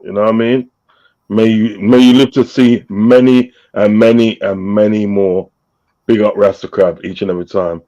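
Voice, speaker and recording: A man's voice: fairly low pitch, fairly even intonation, normal speed, lo-fi sound. A man hosting a casual live-stream chat, reading out viewers' messages with frequent laughter. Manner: laughs often, reads out chat shout-outs. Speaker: host.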